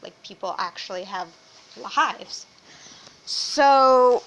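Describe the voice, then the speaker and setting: A young woman vlogger vents casually at home with her baby nearby, rambling and swearing freely. Her slightly high, animated, somewhat slow voice pauses often and sounds a bit bright, though strained from a sore throat and sometimes dropping to a whisper. The audio quality is poor.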